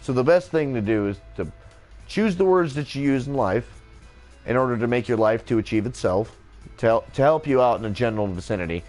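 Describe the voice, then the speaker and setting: A man's voice: medium pitch, expressive, fairly quick, a little mellow, soft background music. A man in a rambling, joking casual monologue, swearing freely as he goes.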